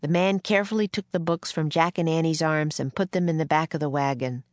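A woman narrating a children's chapter book in a clear, steady storytelling voice. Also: deep voice, fairly quick, no echo. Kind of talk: children's audiobook reading.

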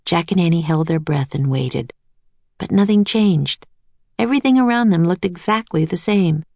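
A woman reads a children's storybook aloud in an even, steady narration. Her voice has a noticeable gravelly fry. The recording is dry and close. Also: fairly low pitch, normal speed, no echo.

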